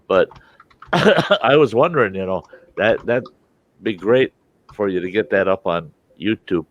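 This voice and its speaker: A man's voice: on the low side, animated, unhurried. An older man hosting a casual chat, rambling through stories and laughing often. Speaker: host.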